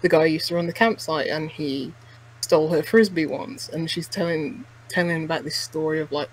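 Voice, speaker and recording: Rambling man, higher voice. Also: brisk, a little hiss or hum, rough recording. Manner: rambling, many restarts and "like" fillers. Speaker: podcast co-host. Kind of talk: casual chat reviewing a game.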